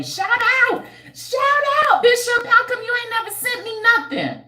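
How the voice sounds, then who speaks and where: With a very high voice at a moderate pace, a woman in an echoey room runs a casual livestream and works through viewer comments. The hair care entrepreneur is blunt, slangy and teasing, animated and preachy, forever bursting into squeals and laughs.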